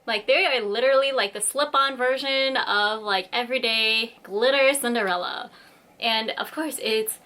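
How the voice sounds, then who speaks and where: A young woman vlogger films a casual unboxing in her home workshop, bubbly and quick to squeal and giggle with excitement. Her voice is a little high.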